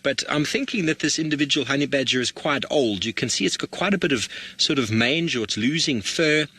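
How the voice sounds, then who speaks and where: Excited safari guide, bright husky voice. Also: male voice, medium pitch, fairly quick. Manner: excited, restarts phrases while commenting. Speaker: safari guide presenting a live broadcast. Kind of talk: live wildlife commentary.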